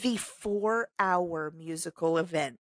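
A woman's voice: on the low side, takes it slowly, dry recording. A woman co-hosting a podcast, reading a news story aloud with sarcastic asides and frequent laughter. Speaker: podcast co-host.

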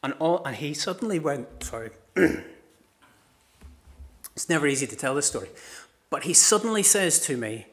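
A middle-aged man, a pastor preaching a sermon with passionate storytelling, moving from loud cries to hushed words. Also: a little high, animated, moderate pace, long pauses.

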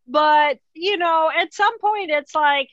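Woman guest, clear bright explainer, acts out thoughts in quotes. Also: very high-pitched, slow, no echo, highs cut off. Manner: explains calmly, acts out inner voices in quotes. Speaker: author and neuroscientist guest. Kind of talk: interview conversation.

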